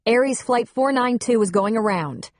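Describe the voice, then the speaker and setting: A woman's voice: a little high, a little slow, no room sound, studio quality, voice pushed up, lightly acted. A woman voicing a firm female airline captain who speaks in clipped, commanding phrases.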